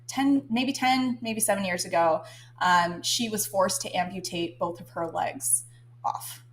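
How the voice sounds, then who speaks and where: A young woman telling a story in a casual podcast chat, rambling with many ums and now and then breaking into giggles. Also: fairly low pitch. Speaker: guest co-host.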